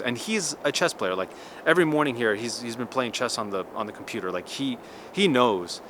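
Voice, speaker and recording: A man's voice: medium pitch, fairly quick, noisy background. A man in his thirties telling a story in a casual, chatty vlog monologue, with lots of restarts and "like". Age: 30s. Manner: chatty, animated, many restarts and "like". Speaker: vlogger.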